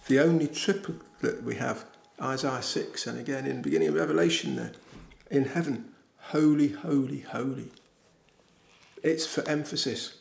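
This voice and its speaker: A man's voice: fairly high pitch, vocal fry. An older man from England preaching an earnest, emphatic sermon in a small village church, repeating key phrases for weight. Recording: echoey church room.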